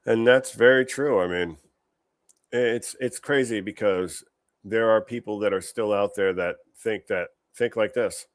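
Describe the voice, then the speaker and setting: A man's voice: lowish voice, a little slow, no echo, clean studio sound. A man hosting a political commentary livestream, brash and mocking, swearing freely. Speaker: show host.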